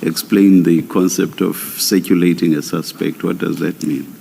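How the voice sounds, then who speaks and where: A man, a commissioner chairing an inquiry, asking pointed questions deliberately with occasional stammers. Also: low voice, fairly even intonation, vocal fry, warm tone.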